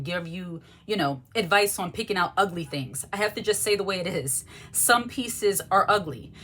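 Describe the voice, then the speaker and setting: A woman's voice: on the low side, fairly bright tone. A woman vlogger giving frank, emphatic advice in a loose, conversational monologue. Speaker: lifestyle vlogger. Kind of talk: candid monologue to camera.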